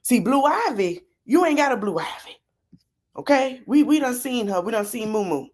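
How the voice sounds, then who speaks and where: A woman's voice: on the high side, animated, moderate pace, a little mellow. A woman hosting a live podcast stream, reacting to a video with blunt, sassy, mocking commentary full of slang. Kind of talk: livestream commentary.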